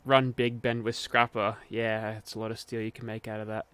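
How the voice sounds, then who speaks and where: A man's voice: on the low side, flat delivery, normal speed, fairly bright tone, clean tone, dry recording. A man streaming a game, giving casual commentary while he mutters, grumbles and swears.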